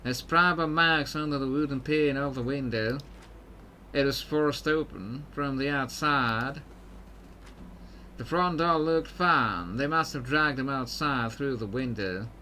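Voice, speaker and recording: A confident pirate captain woman speaks in a Southern belle accent, as a man puts her on. The voice is bright and ringing. She sounds steady and resolved. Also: medium pitch, a little slow, a little hiss or hum. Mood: determined. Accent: put-on Southern belle. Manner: determined, reading game dialogue aloud.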